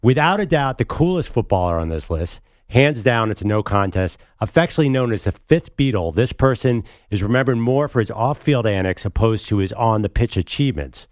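A man's voice: on the low side, lively intonation, brisk, few pauses, dry recording. A man co-hosting a sports radio show in the studio, joking about himself in casual banter. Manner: playful, self-mocking. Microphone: studio mic.

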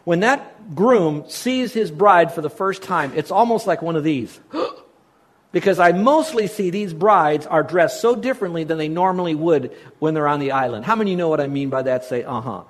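A man preaching a sermon as pastor, talking conversationally with sudden loud emphasis. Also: on the high side, expressive, moderate pace, few pauses. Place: island church.

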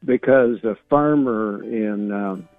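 Guy calling in over a tinny phone line, lowish voice, kinda meandering. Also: takes it slowly, no echo, faint music behind. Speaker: caller. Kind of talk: phone-in call.

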